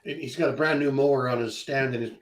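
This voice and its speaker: A man's voice: mid-range voice, fairly even intonation, a little fast, poor audio. A Canadian man with a Canadian accent, teasing and joking in a casual group chat. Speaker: chat participant.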